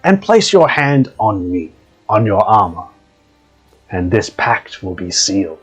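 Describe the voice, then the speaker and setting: A man voicing a sly, greedy living suit of armor that hungers for souls, in a low oily mutter. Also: big pitch swings, a little slow, husky, faint music behind, full character voice. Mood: scheming.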